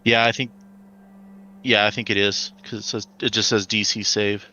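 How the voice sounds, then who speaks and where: A man's voice: on the low side, flat delivery, normal speed, sharp tone. A man playing in a tabletop game, reading spell rules aloud in an unsure way. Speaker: player. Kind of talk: casual tabletop game talk. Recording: dull lo-fi microphone.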